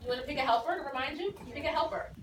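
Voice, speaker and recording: High-voiced woman teaching a class. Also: rapid-fire. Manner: encouraging, patient explaining. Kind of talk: classroom phonics lesson. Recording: echoey room from far off with noise.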